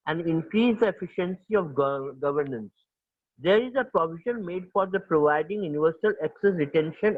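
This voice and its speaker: A man's voice: fairly high pitch, no room sound, phone-quality sound. A man with an Indian accent teaching a school class, switching between English and Hindi and repeating key phrases. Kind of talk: classroom lecture.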